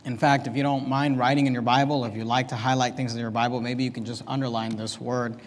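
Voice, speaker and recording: A man preaching a verse-by-verse sermon, repeating key words slowly and with emphasis. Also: medium pitch, level tone, long reverb tail. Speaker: pastor.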